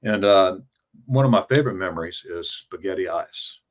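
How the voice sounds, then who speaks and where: Fifties male, lowish pitch, casual storyteller, stammers and repeats words. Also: animated, normal speed. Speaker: travel vlogger telling his story as an interview guest.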